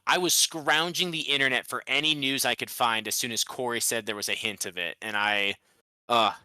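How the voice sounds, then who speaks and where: A man's voice: mid-range voice, fairly even intonation, normal speed, bright, forceful tone, smooth, no room sound. A man co-hosting a casual podcast, talking hesitantly with many restarts. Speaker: podcast co-host.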